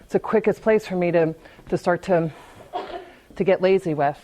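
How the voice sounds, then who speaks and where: A woman's low, mellow voice comes through a rough recording with a bit of hiss or hum as she tells her recovery story at a meeting. Speaking at a moderate pace, she's frank and conversational, restarting sentences, repeating herself, and slipping light laughs between ideas.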